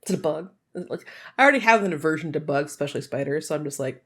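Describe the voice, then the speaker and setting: A woman's voice: deep voice, racing. A woman co-hosting a casual podcast, telling stories animatedly with frequent laughter and casual swearing. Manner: animated storyteller, laughs often, swears freely. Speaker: podcast co-host. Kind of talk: casual chat.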